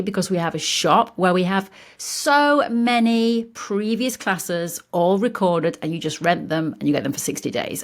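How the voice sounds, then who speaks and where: A woman's voice: on the low side, creaky. A woman, a guest on a craft podcast, chatting in a bubbly, self-mocking way over a video call. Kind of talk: casual chat.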